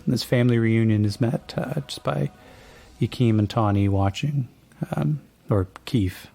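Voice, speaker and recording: Laid-back guy running a tabletop game, husky dark voice, lots of uhs, soft music under it. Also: medium pitch, unhurried. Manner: laid-back, rambling, many fillers. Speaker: game master.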